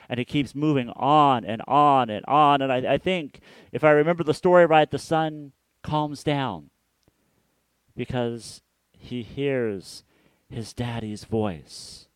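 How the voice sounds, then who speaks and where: A male pastor gives a reflective sermon at a slow, unhurried pace in a smooth, clear voice. He often repeats words and lets his phrases fade softly. The sound is close and dry. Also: mid-range voice, no room sound. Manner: trails off softly at the ends of phrases.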